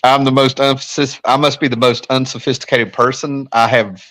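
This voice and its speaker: A man's voice: medium pitch, little pitch movement, moderate pace, a bit bright, no echo. A man in casual podcast chat, rambling and self-deprecating. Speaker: podcast panelist.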